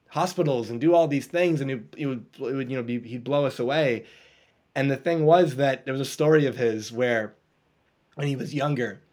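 A man guesting on an interview podcast, telling a story with lively energy and frequent laughs. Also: medium pitch. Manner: animated storyteller, laughs often, acts out voices. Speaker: guest coach.

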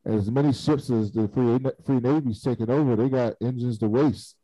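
A man's voice: medium pitch, a little fast, warm tone, no room sound, rough recording. A man in casual chat, animatedly retelling a TV episode and acting out the characters' lines. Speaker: podcast co-host recapping a TV episode.

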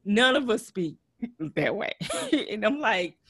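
Host: Texan woman, light twang, easygoing chat, quick to laugh. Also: on the high side, husky. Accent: Texas Southern twang. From Texas. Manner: laughs often, animated. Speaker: podcast host. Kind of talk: casual chat.

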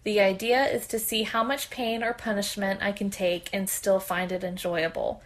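Female podcast host, mid pitch, reads listener stories aloud in a frank, chatty way. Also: steady tone, moderate pace. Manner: candid, conversational reading with bursts of laughter. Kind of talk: reading a submitted story aloud.

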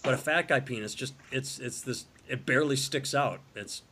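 A man's voice: mid-range voice, moderate pace, bright, forceful tone, breathy edge. A man hosting a podcast, telling crude jokes and sarcastic stories in casual banter. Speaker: podcast host.

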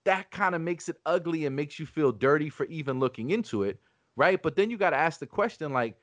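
A man's voice: fairly high pitch, animated, fairly quick, no room sound. A man hosting a podcast, talking in a casual, argumentative way, swearing often and restarting his sentences. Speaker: podcast host.

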